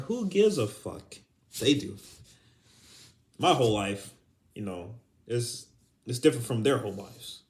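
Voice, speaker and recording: A young adult man hosting a podcast, ranting casually with heavy swearing and bursts of laughter. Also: mid-range voice. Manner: profane, heated, breaks into laughter. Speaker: podcast host.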